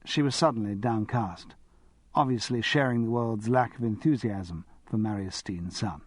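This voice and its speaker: A man narrating an audiobook in a wry, expressive manner. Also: fairly low pitch, normal speed, no room sound.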